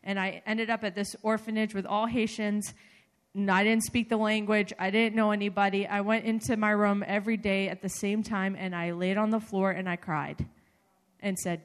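A woman giving a sermon, telling personal stories in an animated, conversational way with many fillers. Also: mid-range voice, normal speed. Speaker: preacher. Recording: reverberant hall.

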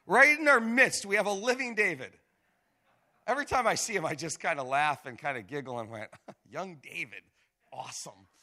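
A man preaching a sermon, reading scripture aloud with dramatic emphasis and animated asides. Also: sits high, a little fast. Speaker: pastor.

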